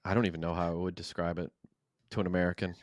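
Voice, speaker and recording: A man's voice: low-pitched, little pitch movement, racing, no room sound. A man in his thirties hosting a podcast, easygoing and laughing often, swearing casually. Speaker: host. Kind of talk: casual interview chat.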